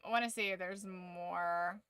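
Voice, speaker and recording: A woman's voice: lowish voice, fairly even intonation, a little slow, a bit bright, smooth, no room sound. A woman streamer giving casual reaction commentary, muttering asides and swearing casually.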